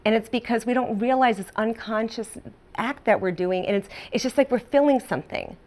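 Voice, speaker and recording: A woman's voice: fairly high pitch, fairly quick, darkish tone. A woman author as a guest on a talk show, chatting casually and acting out her own inner voice.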